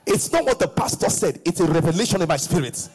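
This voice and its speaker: A middle-aged pastor preaching a sermon, breaking into sung phrases and shouts and acting out quoted voices. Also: male voice, sits high, animated, fast talker, husky.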